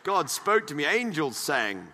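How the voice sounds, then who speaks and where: A man putting on the voice of an overly pious, self-righteous churchgoer, soft, slow and low. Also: sing-song, slight background noise, exaggerated voice.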